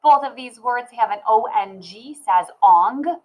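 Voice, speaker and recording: Slow, clear woman teaching phonics. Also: on the high side, lively intonation, a little mellow, rough recording. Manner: slow, clear, sounding out words for children. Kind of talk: phonics lesson for young children.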